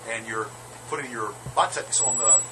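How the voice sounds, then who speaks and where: A man hosting a live radio show, bawdy and showy, jumping from loud announcements to low asides. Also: moderate pace, slight background noise. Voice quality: showy, bawdy, swings from shouting to mumbling. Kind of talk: brash live radio banter.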